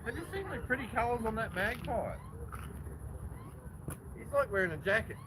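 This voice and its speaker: Lively high-pitched man, noisy outdoors. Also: moderate pace. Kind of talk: casual outdoor chat. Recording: loud outdoor background noise, traffic.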